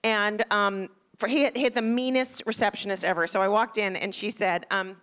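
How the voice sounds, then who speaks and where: A woman's voice: mid-range voice, fairly even intonation, brisk, clear, resonant tone. A middle-aged woman performing a self-deprecating stand-up set on a theater stage, punchy and acting out the people in her stories. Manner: self-deprecating, punchy, acts out quoted voices. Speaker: stand-up comedian. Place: theater stage before a laughing audience. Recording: live show with loud crowd and noise.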